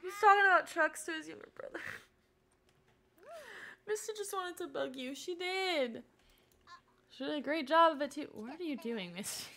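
A young woman talks through her gameplay on a live stream, excitable and gushing, frequently addressing the game characters. Her voice is high-pitched, at a normal pace with frequent pauses.

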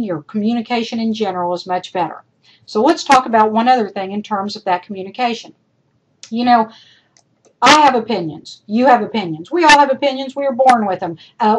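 A woman college instructor giving recorded feedback to her students. She talks directly and chattily, repeating her points for emphasis, and her voice is going hoarse. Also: medium pitch, low-quality recording. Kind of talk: recorded lecture feedback over screen demo.

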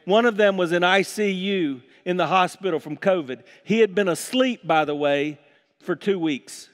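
Animated high-voiced pastor preaching in a hall. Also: male voice, normal speed. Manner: animated, acts out scripture with mocking voices. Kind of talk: sermon. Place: church sanctuary.

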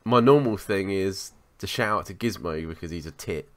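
A man co-hosting a podcast, telling a story in a sweary, animated way in casual chat. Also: low voice, moderate pace, crowd noise. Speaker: podcast co-host.

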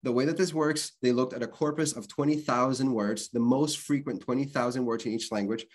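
A man's voice: mid-range voice, fairly even intonation, fairly quick. A man presenting an online literacy workshop, explaining things in a conversational way and spelling out sounds. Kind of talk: workshop lecture.

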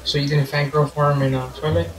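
A man's voice: fairly high pitch, flat delivery, quick pace, poor audio. A man co-hosting a podcast who teases the others in a wry, slangy way. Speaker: podcast co-host. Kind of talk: casual chat.

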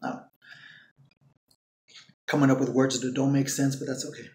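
A man's voice: mid-range voice, little pitch movement, moderate pace, darkish tone, roomy sound, a little hiss or hum. A man making a casual solo vlog, rambling with many fillers and repeats while he eats and talks with his mouth full. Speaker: vlogger.

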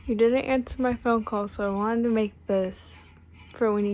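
A young woman with a high voice speaks into her phone camera in a personal message to her best friend. She is emotional and laughs through tears, then bursts into joyful yelling. Her voice rises and falls as her feelings swell. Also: fairly even intonation, moderate pace.

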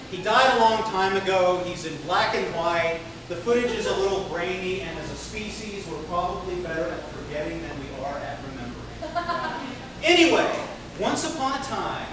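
A man performing a spoken-word poem before a live audience, telling a story in a dramatic, wry way. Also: high-pitched. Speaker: poet. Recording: echoey room, distant mic, noisy.

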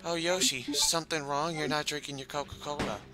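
A man's voice: a little high, fairly even intonation, fairly quick, pitched above the performer's own voice, natural voice. A man imitating his forgetful older grandmother, sweetly and repeatedly offering a drink. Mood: sweet insistent. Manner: sweet, repetitive, nagging. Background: video game music.

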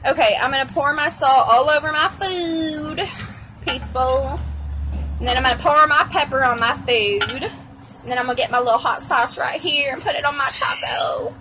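A high-voiced woman with a Texan accent talks frankly and casually, with some cursing, through a mukbang vlog. She films on her phone at an outdoor cafe table. Wind and traffic noise come through clearly. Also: moderate pace, sharp tone. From Texas. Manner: chatty and frank, with mild cursing. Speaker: mukbang vlogger. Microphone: phone camera. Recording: noisy outdoor phone recording.

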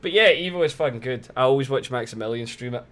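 A man's voice: medium pitch, quick pace, fairly bright tone. A young man chatting casually on a live game stream, laughing often and swearing freely.

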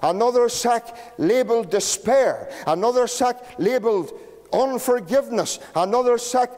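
A Northern Irish pastor preaching a sermon, telling homely stories in a lively way. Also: male voice, very high-pitched, normal speed. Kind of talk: storytelling sermon. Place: church. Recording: long church reverb.

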